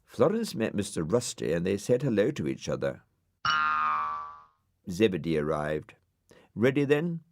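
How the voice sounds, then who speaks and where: A man narrating a children's storybook in a lively, expressive way. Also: sits low, moderate pace, gravelly, pauses often, heavy background noise. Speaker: audiobook narrator.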